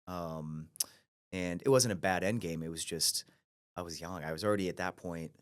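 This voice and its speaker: A man's voice: deep voice, normal speed. A man in his thirties from Ohio, the guest in a podcast interview, telling his career story with animation and frequent restarts. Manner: animated storyteller who acts out quoted voices, with frequent restarts. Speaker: guest, brokerage CEO.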